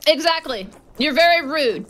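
A high-voiced woman streams a game and chats with viewers, swinging from sassy scolding to theatrical shrieks. Her voice leaps all over the place. Clear background noise runs under her talk. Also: lively intonation, normal speed, a bit bright. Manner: playfully dramatic, shrieks in mock terror. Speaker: livestreamer. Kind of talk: casual livestream gameplay chat.

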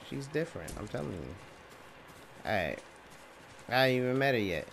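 A man giving let's play commentary, reacting out loud and trash-talking the game. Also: medium pitch, very animated, normal speed, creaky, pauses often, a little hiss or hum. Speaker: gaming channel host. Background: game music.

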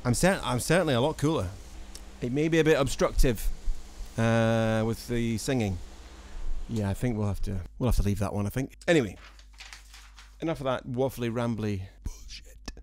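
A singer-songwriter from Scotland, his Scottish accent softened by years in England, rambling to viewers in a casual vlog with dry, self-mocking jokes. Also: mid-range voice, moderate pace, slight background noise. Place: small room at home, with a fan.

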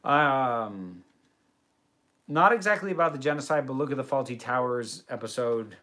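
A man's voice: medium pitch, lively intonation, moderate pace, pushed and bright. A young American man hosting a livestream Q&A from his bedroom, reading chat questions aloud and answering them in long tangents. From United States. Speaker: host.

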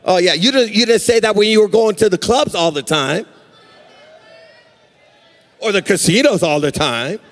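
High-voiced preacher in a reverberant hall. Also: male voice, moderate pace, pauses often, faint music behind. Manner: animated preaching, sing-song cadence, acts out quotes. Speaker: pastor. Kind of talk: live sermon. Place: church sanctuary.

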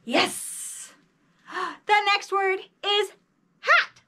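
Woman, early reading teacher: very high, slow, sing-song phonics delivery for small kids. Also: bright, forceful tone. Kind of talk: children's phonics lesson.

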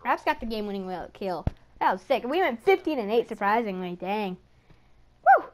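A gaming YouTuber giving live commentary over a match, chatty and excitable, talking to enemies on screen and screaming when startled. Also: mid-range voice, a little fast, a little hiss or hum.

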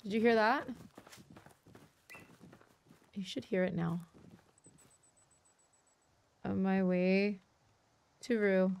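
A woman live-streaming a co-op survival game, chatting with viewers and teammates and reacting loudly when startled. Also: medium pitch, steady tone, extremely slow, creaky, pauses often, clear, resonant tone. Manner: chatty, talks to viewers, jumpy loud reactions. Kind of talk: live co-op gameplay chat.

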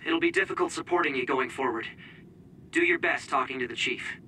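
A man's voice: medium pitch, fairly quick, pushed and bright, a little hiss or hum, natural voice. An actor voicing a supportive young male comrade who talks over comms in a video game.

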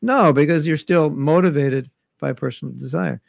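His voice sits on the high side, gravelly, at normal speed, captured in a dry recording. The spiritual teacher lectures on scripture from home while travel is restricted, chatting casually and reciting verses in Sanskrit and Bengali.

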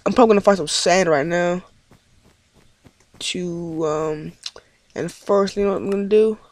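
A man's voice: high voice, steady tone, normal speed, no room sound. A man giving rambling let's play commentary on his game, easily frustrated and swearing often. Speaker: gaming commentator.

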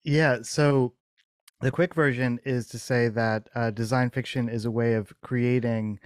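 A man's voice: mid-range voice, steady tone, measured pace, clean tone, no echo, studio quality. A man answering an interview question at length, explaining thoughtfully and repeating words as he builds his ideas. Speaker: guest designer.

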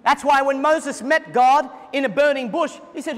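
High-voiced man preaching fervently. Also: moderate pace, long reverb tail. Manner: fervent preaching, bursts of shouting. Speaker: pastor. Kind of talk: sermon. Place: church service.

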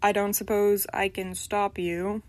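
A woman's voice: mid-range voice, level tone, unhurried, no room sound, close to an everyday voice. A woman voicing a casual, exasperated young man whose body has been taken over, in a storybook reading. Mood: resigned.

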